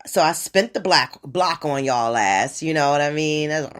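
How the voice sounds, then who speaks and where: A woman in her forties hosting a podcast alone, rambling in a profane, animated casual monologue. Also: sits low, moderate pace. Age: 40s. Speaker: podcast host.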